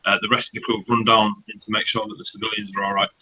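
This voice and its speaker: Bright-voiced man running a tabletop game. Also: lowish voice, level tone, rapid-fire, slight background noise, poor audio. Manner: loose, swearing storyteller with many fillers. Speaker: dungeon master.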